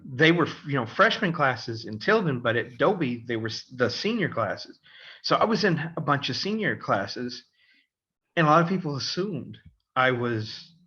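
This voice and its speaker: A middle-aged man tells a story on a casual podcast, his voice bright and forward. He acts out the other people with lively voices. The audio is a little dull and lo-fi. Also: mid-range voice. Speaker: podcast co-host, father.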